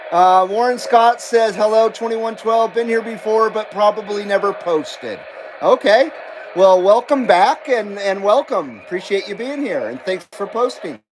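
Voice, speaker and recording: A man hosting a CB radio livestream, chatting casually and reading out viewer comments in a laid-back, drawn-out way. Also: high-pitched, rough recording. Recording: steady background noise.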